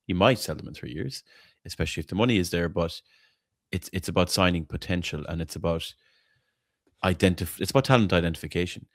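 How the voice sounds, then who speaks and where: A man's voice: low voice, fast, dry recording, studio quality. A man hosting a casual football fan chat, blunt and opinionated, swearing freely and tripping over repeated words as he argues his point. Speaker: podcast host.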